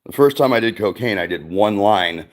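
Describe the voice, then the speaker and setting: A man's voice: lowish voice, animated, moderate pace. Profane, rambling middle-aged man. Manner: profane, rambling storytelling with many fillers. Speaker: streamer host. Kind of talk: casual livestream chat.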